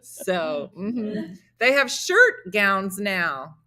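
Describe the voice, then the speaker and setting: A middle-aged woman hosting a comedy morning show, telling funny stories and acting out the dialogue with big jumps in her voice. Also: extremely slow. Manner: animated, acts out dialogue with big pitch jumps. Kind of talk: comedic storytelling chat.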